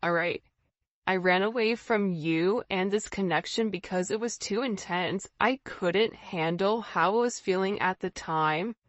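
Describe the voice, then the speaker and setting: A woman's voice: mid-range voice, unhurried, no room sound. A woman giving a casual tarot reading, speaking earnestly and repetitively straight to the viewer. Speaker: tarot reader. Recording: slightly dull lo-fi sound.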